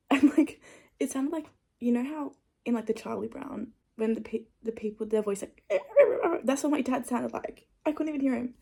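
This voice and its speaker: A young woman talks straight to her camera in a loose, rambling vlog chat. She tells everyday stories with lively, animated energy and peppers nearly every phrase with "like.". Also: a little high, normal speed, gravelly, husky. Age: young adult. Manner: rambling, full of "like" fillers, animated storytelling. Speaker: vlogger.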